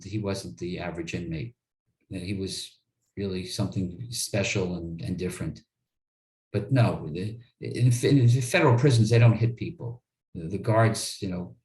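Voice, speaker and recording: A man's voice: low-pitched, normal speed, darkish tone, reverberant. A man, an attorney being interviewed, telling stories in an earnest way and often repeating words as he starts a sentence. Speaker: attorney guest. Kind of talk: interview storytelling.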